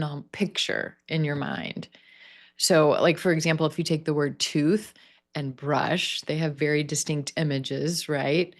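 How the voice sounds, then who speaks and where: Low-pitched female pronunciation coach, unhurried and clear, on a video call. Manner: slow, clear drilling of word stress. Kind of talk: online pronunciation class.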